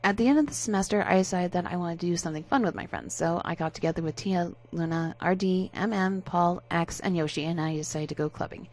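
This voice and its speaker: A woman narrating a story aloud in a steady, casual way. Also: fairly low pitch, fast talker, hardly any pauses.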